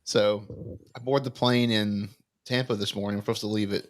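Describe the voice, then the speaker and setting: Lower-voiced man telling a story. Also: moderate pace. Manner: animated anecdotal storyteller, acts out dialogue. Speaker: podcast co-host. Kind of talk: casual storytelling chat.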